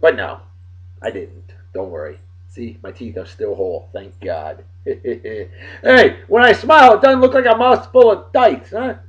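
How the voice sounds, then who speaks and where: A man hosting a daily beer and song show in a rowdy, casual way, loud and excitable, swearing and joking, swinging from shouting to muttering. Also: medium pitch, measured pace, lo-fi sound.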